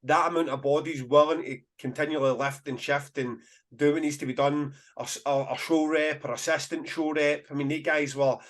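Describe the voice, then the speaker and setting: A man's voice: a little high, brisk. A Scottish man, a festival promoter, telling stories in a casual podcast chat with bursts of laughter. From Scotland. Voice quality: animated storyteller, bursts of laughter.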